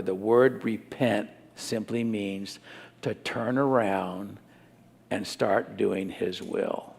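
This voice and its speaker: Male pastor, sermon, gravelly voice, earnest and repetitive, reverberant church hall. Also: mid-range voice, fairly even intonation, a little slow. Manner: earnest, repetitive emphasis, drops to soft tones.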